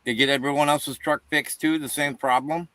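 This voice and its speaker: A man's voice: a little high, fairly even intonation, moderate pace, sharp tone, dry recording. Man hosting a casual panel chat. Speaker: livestream panel host.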